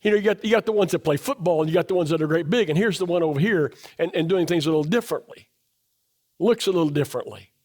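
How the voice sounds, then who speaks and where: A middle-aged man preaches in a church sanctuary, his voice a little higher than most men's. He is emphatic and presses rhetorical questions on the congregation, and he sinks low and quiet to drive home a point. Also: fast talker. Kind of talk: sermon.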